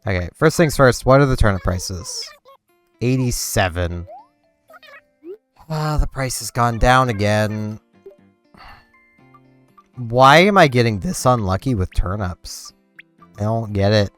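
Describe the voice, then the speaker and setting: A man's voice: mid-range voice, slow, long pauses. A young man chatting casually and rambling as he plays a game on his channel, filling his talk with "like". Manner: rambling, relaxed, with many "like" fillers. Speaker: gaming channel host. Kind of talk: casual chat while playing a game. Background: faint game music.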